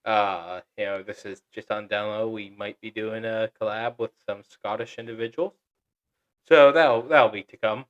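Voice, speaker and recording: A young man with a fairly low voice co-hosts a podcast. He talks in a relaxed, upbeat way and fills his announcements with ums and uhs. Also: normal speed, highs cut off. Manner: upbeat, chatty, with fillers. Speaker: podcast co-host. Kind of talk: casual podcast chat with announcements.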